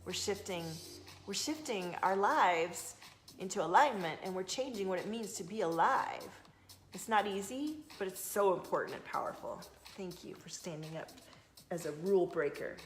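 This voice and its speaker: A woman's voice: medium pitch, animated, moderate pace, soft background music. A woman with a slight Southern twang, hosting a live stream as an intuitive card reader and chatting effusively toward her phone camera. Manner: chatty and effusive, with sudden bursts of emphasis. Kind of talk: casual live-stream chat.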